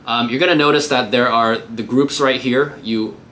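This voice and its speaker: A man's voice: medium pitch, fairly even intonation, normal speed, fairly bright tone, slight background noise. A man working as a real estate agent, giving a casual, upbeat tutorial on cold calling between live calls.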